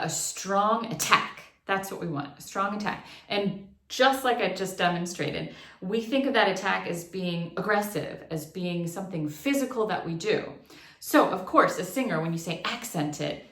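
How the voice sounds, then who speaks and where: A woman gives an online singing lesson, explaining articulation in a plain, even voice. Every so often she sings short demonstration syllables. The room around her is echoey, with a noticeable ring. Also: mid-range voice. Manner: explanatory, breaks into sung demonstrations. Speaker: vocal instructor.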